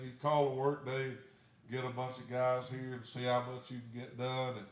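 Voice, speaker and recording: A pastor tells his story from the pulpit in a plainspoken, folksy way. His voice sits in a middle range for a man, and it rings through an echoey church sanctuary. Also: mid-range voice. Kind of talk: sermon storytelling.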